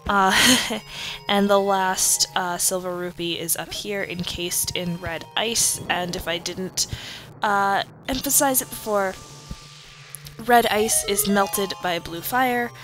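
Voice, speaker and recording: Young female let's-player, drowsy and halting, game music behind. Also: mid-range voice, fairly bright tone. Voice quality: drowsy, halting with many fillers. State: sleepy, yawning. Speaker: let's play commentator. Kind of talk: casual gameplay commentary.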